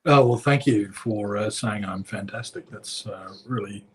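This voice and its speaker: A man's voice: on the low side, measured pace. Hesitant man, politician guest. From Australia. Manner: hesitant, many uh and restarts. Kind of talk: casual interview talk.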